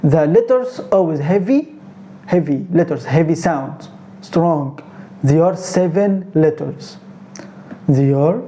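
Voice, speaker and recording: A man with an Egyptian accent, a native Arabic speaker, teaching beginners how to pronounce letters, repeating each sound slowly and correcting common mistakes. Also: fairly high pitch, mellow, a little hiss or hum. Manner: slow, repetitive drilling of sounds, corrective. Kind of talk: beginner pronunciation lesson.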